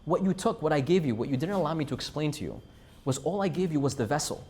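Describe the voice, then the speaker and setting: A man's voice: on the high side, lively intonation, fast, darkish tone, husky. A man voicing an earnest, generous male city mayor who speaks in a pleading way.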